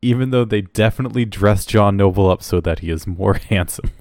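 A man's voice: lowish voice, fairly quick, darkish tone, no room sound, clean studio sound. A man co-hosting a podcast, joking around and laughing hard in casual chat. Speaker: podcast co-host.

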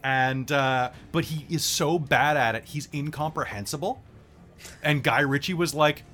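Chatty, bright-voiced game master. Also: male voice, fairly high pitch, a little slow, soft background music. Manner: chatty, many fillers and self-corrections. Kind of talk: narrating a tabletop game.

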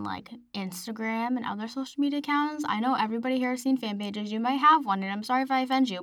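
A woman's voice: fairly high pitch, a bit bright, dry recording. Young woman, podcast host, chatty, rambling, dry close mic. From Massachusetts. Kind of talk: casual solo podcast chat.

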